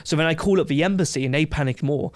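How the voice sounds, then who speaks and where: A man from England, a podcast guest telling a brash, animated story in casual chat. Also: fairly high pitch, fast, no echo.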